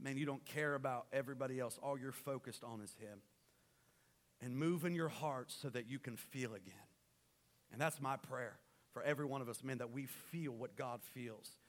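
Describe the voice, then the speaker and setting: A man preaching a sermon as pastor, swinging between loud rallying calls and quiet, intimate stretches. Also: mid-range voice.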